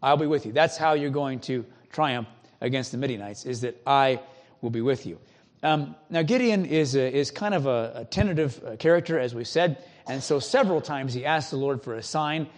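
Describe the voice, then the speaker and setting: A man preaching a sermon as a pastor, speaking in an earnest, conversational way with emphatic pauses. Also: medium pitch.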